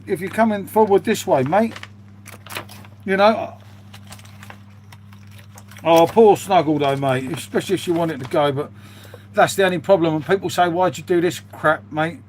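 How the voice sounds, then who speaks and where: A British man talks loosely to his stream chat and keeps throwing in "mate". His voice sits a little high for a man. A faint hum runs under the talk. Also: moderate pace, pauses often, a little mellow. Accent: British English. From United Kingdom. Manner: chatty, rambling, says "mate" often. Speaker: live streamer reading chat. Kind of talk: casual live-stream chat.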